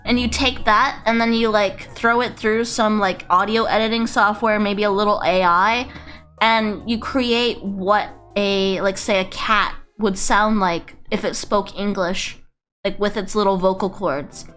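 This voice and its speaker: A woman VTuber chatting on a casual livestream, rambling, excitable and swearing freely. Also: mid-range voice, measured pace, faint music behind. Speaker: VTuber streamer.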